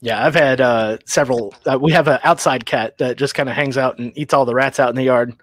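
A man's voice: mid-range voice, steady tone, a little fast, fairly bright tone, no echo. A man in casual chat, easygoing and laughing often, with hesitant restarts.

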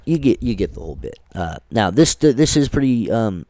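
A man's voice: fairly low pitch, sing-song, normal speed, mellow, no room sound. A man hosting a podcast, rambling through legal points with many fillers and restarts, then reading statute text aloud in a casual way, now and then swearing. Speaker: podcast host.

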